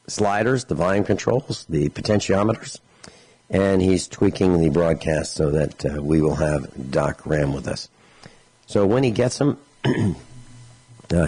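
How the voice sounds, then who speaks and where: Deep-voiced rambling radio talk host. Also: male voice, a little mellow, husky, poor audio. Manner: chatty and rambling, stacks up lists of words, acts out quoted people. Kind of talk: casual radio monologue.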